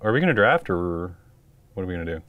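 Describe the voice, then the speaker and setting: A man's voice: low voice, very animated, fast, phone-quality sound, a little hiss or hum. A man co-hosting a podcast, chatting casually and rambling with frequent laughs. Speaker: podcast co-host. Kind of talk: casual chat.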